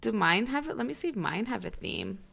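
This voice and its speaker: A woman in her thirties co-hosting a podcast, chatting casually, laughing often and dropping quick asides. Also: a little high, big pitch swings, creaky, a bit bright. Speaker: podcast co-host. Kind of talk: casual chat.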